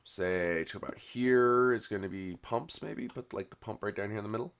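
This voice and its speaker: A YouTube game host, a man with a smooth, fairly low voice, talks at a normal pace while building. His casual commentary rambles along, packed with "you know" and frequent restarts.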